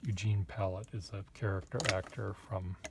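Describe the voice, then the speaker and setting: A man's voice: low voice, fairly even intonation, moderate pace, vocal fry, very noisy. A man chatting casually at his desk while drawing, rambling and hesitant, with wry asides to the viewer. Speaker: artist reviewing pens.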